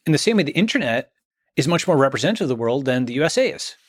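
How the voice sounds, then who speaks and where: Male guest, emphatic explainer, tags his points with "right?", mid-pitched voice. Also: very animated, rapid-fire, no echo, studio quality. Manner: emphatic, checks in with "okay?" and "right?". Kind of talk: conversational interview.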